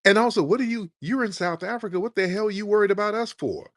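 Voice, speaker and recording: A man's voice: sits high, fast, fairly bright tone, no room sound, clean studio sound. A man hosting a heated call-in show, arguing and mocking a caller with repeated insults. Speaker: host.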